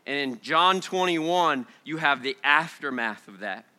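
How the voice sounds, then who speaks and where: Energetic pastor with a bright voice. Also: male voice, fairly high pitch, a little slow. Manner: energetic, swinging from shouts to hushed storytelling. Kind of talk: sermon. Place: church sanctuary before a congregation.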